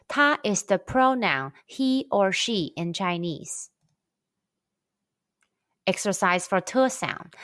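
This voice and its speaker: A woman giving a scripted language lesson, demonstrating each sound slowly and clearly. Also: lowish voice, expressive, no echo, studio quality. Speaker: Chinese language teacher.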